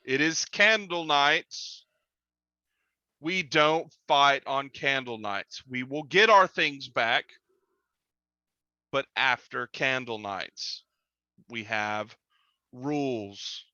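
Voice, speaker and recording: A man voicing a humanoid leader who speaks slowly and firmly to settle a group down. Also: medium pitch, sharp tone, no echo, lo-fi sound, exaggerated voice. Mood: stern. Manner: slow, firm, measured. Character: stern male humanoid leader, calming a crowd.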